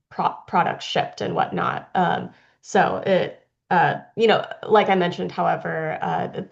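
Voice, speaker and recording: A woman's voice: fairly low pitch, creaky, dull audio. A woman presenting on a video call, answering questions with many fillers and restarts. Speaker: guest presenter.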